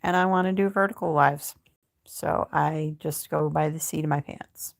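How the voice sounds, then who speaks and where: A low-voiced woman with a gravelly edge hosts a relaxed crochet livestream, talking on her phone as she works. She chats easily and reads viewer comments aloud. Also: normal speed. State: sleepy, yawning. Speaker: livestream host. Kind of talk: casual livestream chat while crocheting.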